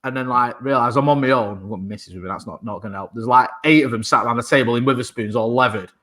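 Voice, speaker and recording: A man, swearing his way through rambling stories in a casual podcast chat. His tone is bright and forceful, with a medium pitch for a man. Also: rapid-fire. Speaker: podcast co-host.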